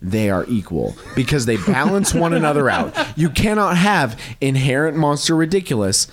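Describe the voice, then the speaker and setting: A man co-hosting a casual movie podcast, making emphatic, mock-grandiose proclamations. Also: moderate pace. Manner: lively pitch swings. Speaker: podcast co-host.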